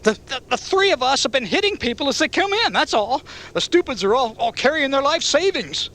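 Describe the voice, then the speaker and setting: A man's voice: very high voice, huge pitch swings, drawn-out words, gravelly, sharp tone, slightly rough, pitched above the performer's own voice, full character voice. A man voicing a wounded, crude biker who screeches and stammers in panic. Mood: panicked.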